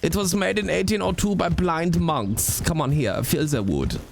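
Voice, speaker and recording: A man's voice: on the high side, moderate pace, gravelly, pitched above the performer's own voice. A man voicing a flamboyant German furniture salesman with a put-on German accent and pushy sales patter. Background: music.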